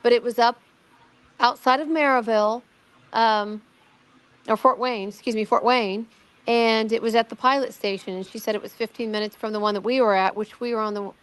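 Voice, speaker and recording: A middle-aged woman with a slightly high, steady voice talks a little fast and smoothly in a casual conversation. As a guest, she recounts her own amateur investigation in a rambling way, repeating words, restarting sentences and quoting what other people said.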